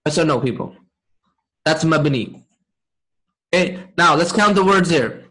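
A man teaching a Quran and Arabic lesson, checking in with his class often and reciting verses quickly. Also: on the high side, animated, a bit bright, low-quality recording. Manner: asks the class frequent check-in questions, many fillers. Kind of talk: interactive online class lesson.

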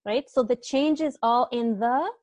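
A woman's voice: fairly high pitch, measured pace, darkish tone, no echo. A young woman teaching assistant explaining grammar in an online tutorial, hesitant and often apologizing.

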